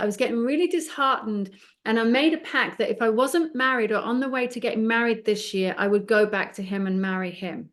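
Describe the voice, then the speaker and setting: A middle-aged woman, a psychic medium guest in an interview, telling animated anecdotes and acting out both sides of the conversation. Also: a little high, brisk.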